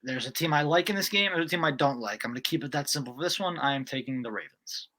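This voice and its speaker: Man, bright forceful voice, co-host, casual sports chat, brisk, decisive. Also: mid-range voice, animated. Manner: brisk, decisive, runs the game list.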